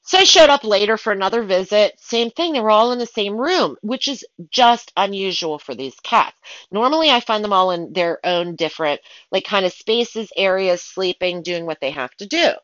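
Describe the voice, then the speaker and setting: Woman chatting about pet sitting, lively and dramatic, dry dull-sounding mic. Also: mid-range voice, moderate pace, no echo. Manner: animated, dramatic retelling with excited asides. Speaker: pet sitter telling stories. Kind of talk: casual storytelling.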